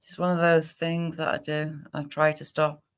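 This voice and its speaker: Cumbrian woman chatting on her livestream, talks fast, lowish voice, laughs a lot. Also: little pitch movement, smooth. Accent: Cumbrian English. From Cumbria, England. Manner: fast-talking, laughs often. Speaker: livestream host. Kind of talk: casual livestream chat.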